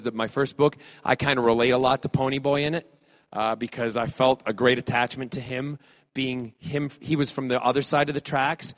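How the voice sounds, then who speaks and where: A man from Scotland, a celebrity guest fielding audience questions at a fan panel, playful and joking with halting fillers and restarts. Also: medium pitch. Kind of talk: casual audience Q&A.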